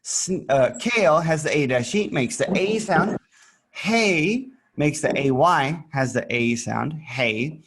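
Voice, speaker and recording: A man leads an English lesson for a young learner, speaking slowly and patiently so every word can be repeated back. His pitch bounces around a lot, and he plays up the pictures with silly sound effects. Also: expressive, a bit bright, slightly rough. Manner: playful, adds sound effects while showing pictures. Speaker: English teacher. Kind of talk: online English lesson for a child.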